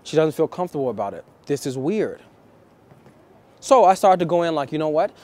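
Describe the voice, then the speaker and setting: A man coaching viewers on dating in a vlog, talking deliberately and repeating key phrases for emphasis. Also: a little high, big pitch swings, a little mellow.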